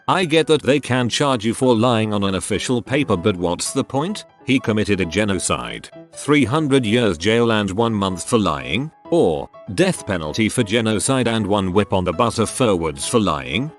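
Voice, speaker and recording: A man narrating online stories in a steady, scripted reading style. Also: fairly low pitch, normal speed, hardly any pauses. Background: faint background music.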